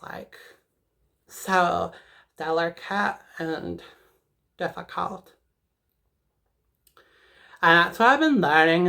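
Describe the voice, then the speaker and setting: A woman's voice: sits low, pushed and bright, heavily acted. A woman playing a sassy, dramatic teenage schoolgirl in a comedic character monologue, rambling and emotional with lots of "like".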